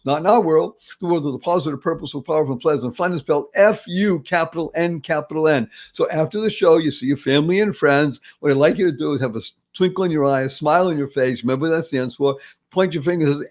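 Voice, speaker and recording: A man's voice: fairly high pitch, quick pace. A man hosting a motivational podcast, talking with enthusiasm and acting out little everyday scenes. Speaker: podcast host. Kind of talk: upbeat motivational podcast talk.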